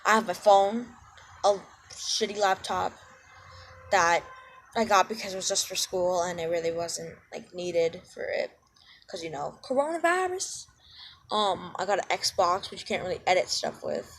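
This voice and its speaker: A woman's voice: on the low side, fairly even intonation, normal speed, a little hiss or hum. A woman in a casual vlog, rambling and self-deprecating, full of ums and side-tracks, talking into a cheap headset mic. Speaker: channel owner.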